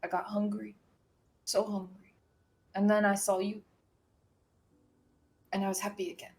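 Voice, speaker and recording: A woman's voice: mid-range voice, flat delivery, measured pace, a little mellow, natural voice. A woman voicing an old, loyal male dog who talks in short, childlike sentences. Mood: wistful.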